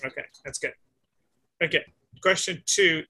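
A bright, clear-toned man leads a one-on-one English lesson. He is patient, repeats his questions slowly, and keeps checking whether his student is following. His voice sits a little high for a man. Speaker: English teacher.

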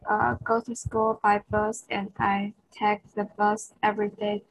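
A woman's voice: medium pitch, level tone, a little slow, vocal fry, husky, rough recording. A woman taking an English lesson, giving short, hesitant answers full of fillers. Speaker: English student. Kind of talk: answering speaking-test questions.

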